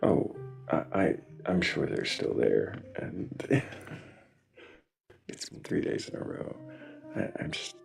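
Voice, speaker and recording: Deep gravelly guy hosting a stream, voice swoops all over, kinda halting. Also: big pitch swings, faint music behind. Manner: halting, repeats words, greets chat members. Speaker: livestream host. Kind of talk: casual live-stream chat.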